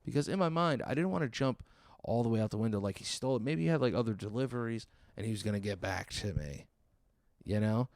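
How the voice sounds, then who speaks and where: A man's voice: lowish voice, quick pace, a little mellow, dry recording. A man telling a stand-up story in a sarcastic, exasperated way, acting out the people in it. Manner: exasperated, sarcastic retelling with acted-out quotes.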